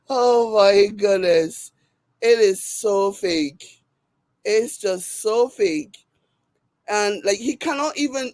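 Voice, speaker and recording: Slow-talking Nigerian woman commentator. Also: mid-range voice, darkish tone, no echo. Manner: laughs often, repeats words for emphasis, reads viewer comments aloud. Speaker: commentary host reacting to a video and reading live chat. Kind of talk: casual live-stream commentary.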